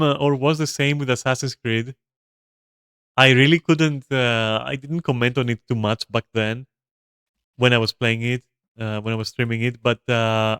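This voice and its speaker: Bright, crisp-voiced male game streamer. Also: mid-range voice, no room sound, studio quality. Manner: rambling, swears often, bursts into laughter. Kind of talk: casual gameplay commentary to chat.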